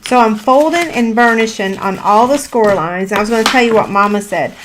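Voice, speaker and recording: A woman's voice: a little high, fairly quick, noisy background. A woman, teaching a live crafting tutorial in a chatty, self-deprecating way with frequent fillers. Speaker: paper craft instructor.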